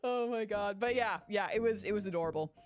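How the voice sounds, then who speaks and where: A woman chatting casually during a game playthrough, rambling and swearing freely, with big animated swings in her voice as she tells a story. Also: medium pitch, a little fast. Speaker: gaming YouTuber. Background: game music.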